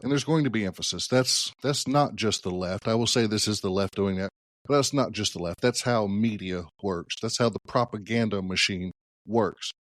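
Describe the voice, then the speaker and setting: A man's voice: lowish voice, normal speed, a bit bright, no room sound, clean studio sound. A man hosting a solo political podcast, talking conversationally and thinking aloud with hedges and restarts. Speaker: podcast host.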